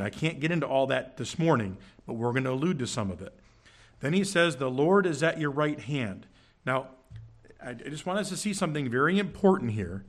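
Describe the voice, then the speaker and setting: A man preaching in a church, teaching from scripture with emphatic, animated delivery and frequent check-ins with the congregation. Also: medium pitch. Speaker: pastor. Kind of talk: sermon. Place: church sanctuary.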